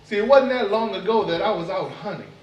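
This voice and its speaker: A man voicing a boastful male fly spinning a tall tale, lively and bragging. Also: sits high, fairly quick, lo-fi sound, a little hiss or hum. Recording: echoey room, mic far off.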